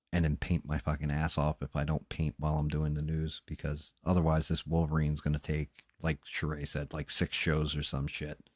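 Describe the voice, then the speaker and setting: A man winds down his livestream late at night, his voice low and heavy. He rambles loosely and swears freely. The sound is dry and close, with no room in it. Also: darkish tone, no room sound. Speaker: livestream host.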